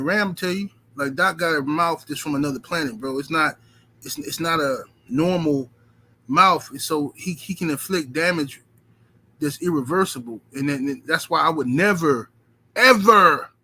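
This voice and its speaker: A man's voice: fairly high pitch, moderate pace. A man hosting a casual livestream, talking emphatically with lots of profanity and repetition, and reading out viewer super chats. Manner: profane, emphatic, repeats himself; animated, swings from loud outbursts to muttering. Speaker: livestream host.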